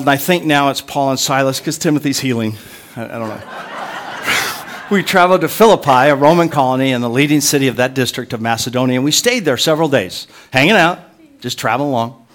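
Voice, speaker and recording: A man's voice: medium pitch, a bit bright. A male pastor preaching a sermon in a conversational way, breaking off into joking asides to his listeners.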